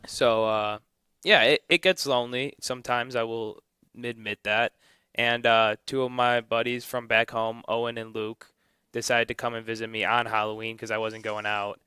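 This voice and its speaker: A man in his twenties from Illinois co-hosts a morning radio chat in a relaxed, rambling way, full of fillers. His voice is mid-pitched and smooth, and the studio mic keeps it dry and close. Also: normal speed, no echo. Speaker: radio co-host. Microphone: studio microphone.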